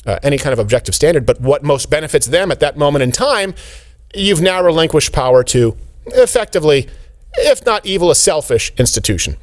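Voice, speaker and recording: A man in his thirties hosts a political talk show with biting sarcasm. His voice swings widely in pitch and sits a little high for a man. He often drops into mocking impressions. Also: very animated, a little fast. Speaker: show host.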